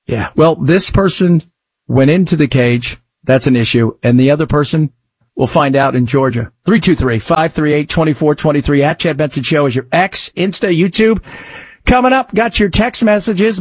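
A man's voice: fairly high pitch, moderate pace, dry recording. A man hosting a talk radio show, chatting in a rambling, conversational way with emphatic rises, close to a studio mic. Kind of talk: casual talk radio commentary.

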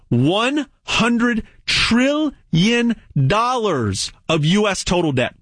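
A man delivers a folksy, emphatic sales pitch and hammers his points home by repeating them. His husky voice swings lively up and down. The sound is dry and close. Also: no echo.

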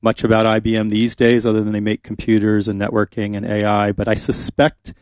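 A man's voice: on the low side, completely flat delivery, a little fast, darkish tone, clean tone, no room sound. A man hosting a radio talk show, chatting casually and rambling with fillers in a studio.

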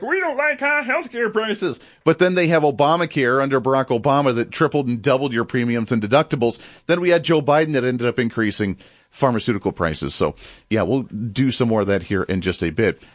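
A man's voice: medium pitch, no room sound, studio quality. A man from the United States hosting a political talk show, delivering an opinionated, sarcastic monologue.

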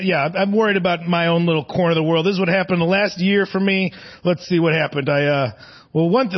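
Over audience laughter, a man in his 40s does a live stand-up set in a theater, rambling, self-mocking, and laughing at his own material. His voice is high and the sound is lo-fi.

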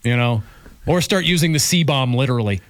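A man's voice: medium pitch, lively intonation, moderate pace, dry recording, clean studio sound. Wry joking radio co-host, man. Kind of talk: casual banter.

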